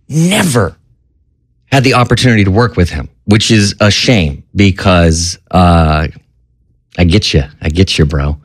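A man's voice: sits low, no room sound, studio quality. A man hosting a podcast, chatting loosely and joking, with the odd swear word. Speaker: podcast host. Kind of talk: casual chat.

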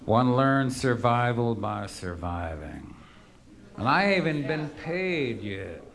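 A man's voice: medium pitch, sing-song, slow pace, gravelly, a bit bright. A man telling rambling, profane stories to a live audience with a wry, offhand manner. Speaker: storyteller performing for an audience. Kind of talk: live spoken storytelling.

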